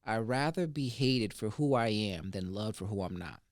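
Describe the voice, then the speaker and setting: A man hosting a casual interview, talking in a quick, rambling way and often checking in with "you know what I mean". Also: on the low side, expressive, no echo, clean studio sound. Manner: fast, filler-heavy, keeps asking "you know what I mean". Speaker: podcast host.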